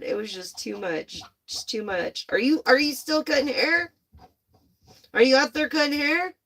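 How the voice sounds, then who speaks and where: A young woman giving a casual, excitable tarot reading to her viewers, gushing and swearing freely. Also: high voice, a little slow. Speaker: tarot reader.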